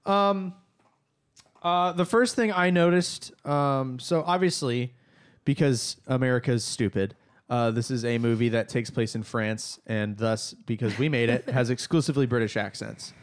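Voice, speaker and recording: A man co-hosting a casual podcast chat, telling stories in an animated, opinionated way. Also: medium pitch, moderate pace, smooth. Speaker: podcast co-host.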